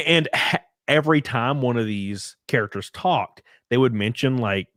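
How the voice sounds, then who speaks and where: Man, stream host, rambling chatty delivery, dry close sound, mid pitch. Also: expressive, a little slow, a bit bright, no echo. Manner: rambling, filler-heavy retelling. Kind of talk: casual podcast chat.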